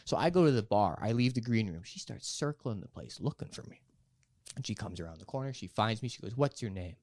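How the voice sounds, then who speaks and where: A young man, a stand-up comedian, telling a profane story in animated casual podcast talk. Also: lowish voice, brisk, no room sound, studio quality.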